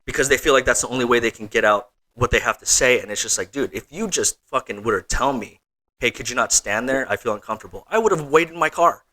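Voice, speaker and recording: A man's voice: medium pitch, expressive, quick pace, bright, forceful tone. A man in casual podcast chat, laid-back and slangy. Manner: laid-back, slangy, peppers talk with "bro" and "dude".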